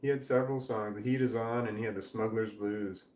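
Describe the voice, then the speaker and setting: A man's voice: lowish voice, steady tone, fairly quick, darkish tone. Rambling man, distant roomy mic. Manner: meandering, trails off mid-sentence, swears casually. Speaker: livestream host reading chat. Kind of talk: rambling casual chat. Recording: roomy, distant mic with faint background noise.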